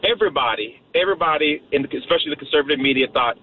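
A man calling in to a talk show, chatting about politics in a folksy, emphatic way with quick asides. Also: a little high. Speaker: caller. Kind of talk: political call-in chat. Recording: tinny phone line.

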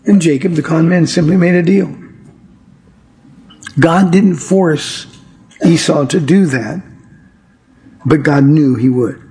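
A man teaching a Bible study in an earnest, emphatic way, slowing down to stress key words. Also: on the high side, darkish tone. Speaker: Bible teacher and radio show host.

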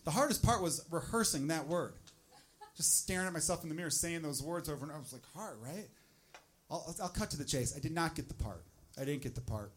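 Self-mocking stand-up comedian, live crowd. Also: male voice, a little high, expressive, fast, noisy background. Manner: self-mocking, punchy storytelling. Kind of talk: stand-up routine. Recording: live club audience audible.

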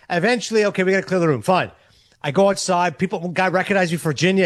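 A sports radio host telling an excited, self-mocking story and acting out each exchange in quoted voices. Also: male voice, sits high, no echo. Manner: fast, excitable, self-mocking, acts out dialogue. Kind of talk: animated storytelling on a talk show.

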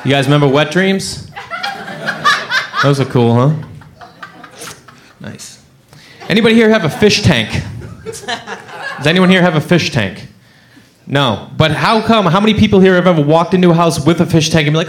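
A man doing a stand-up set on a club stage, telling a story and acting out the people in it with lively, jumping delivery. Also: normal speed, pauses often. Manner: animated storyteller, acts out voices, big pitch jumps. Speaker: stand-up comedian. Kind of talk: stand-up set and crowd work.

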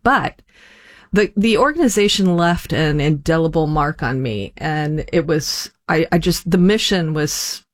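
A woman guest telling a personal story in a halting way, with frequent restarts. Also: sits low, expressive.

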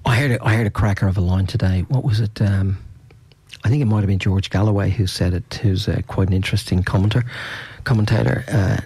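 Male radio host, low and gravelly, rambling casual chat, dry close sound. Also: fairly even intonation, a little fast, mellow, no room sound. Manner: rambling, repeats words, laughs easily.

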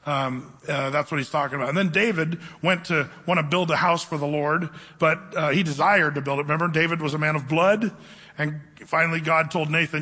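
A man preaching a conversational sermon, teaching the Bible to his congregation and slowing down to read scripture aloud. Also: fairly high pitch, bright, forceful tone. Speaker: pastor. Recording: reverberant hall.

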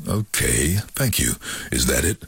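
A middle-aged man, a voiceover artist, telling lively anecdotes in a chatty way and putting on voices for the people he quotes. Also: extremely low pitch, a little slow, gravelly, breathy edge, dry recording. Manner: chatty, animated storyteller who breaks into quoted voices. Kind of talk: casual storytelling in an interview.

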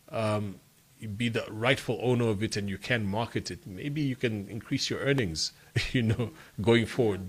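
A voiceover artist from Africa speaking as a radio interview guest, thoughtful and halting, with many repeated words. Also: male voice, lowish voice, a bit bright.

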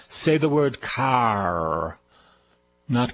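A man's voice: mid-range voice, a little slow, breathy edge, rough recording. An older man with a Boston accent preaching a radio sermon, emphatic and repetitive as he exhorts his listeners. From Boston, USA.

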